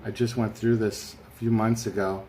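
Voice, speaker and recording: Speaking at normal speed in a low, dark voice with little pitch movement, a man chats through a casual live stream from his room at home. A fan runs in the background, adding slight noise, as he rambles and reads viewer comments aloud.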